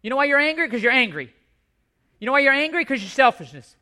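A man's voice: extremely high pitch, big pitch swings, quick pace, sharp tone. A male pastor preaching a sermon, impassioned and emphatic, repeating his key points.

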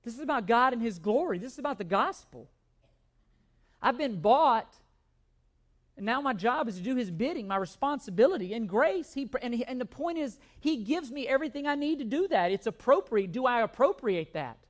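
A man's voice: very high-pitched, lively intonation, brisk. A man preaching a sermon as pastor, emphatic, often repeating words and asking rhetorical questions.

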